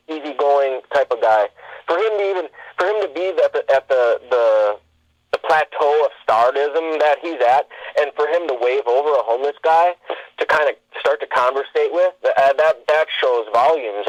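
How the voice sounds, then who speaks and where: A man's voice: medium pitch, normal speed, no echo, poor audio. A man, a guest on a talk show, telling stories in a rambling way with many fillers and restarts. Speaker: podcast guest. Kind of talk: casual interview storytelling.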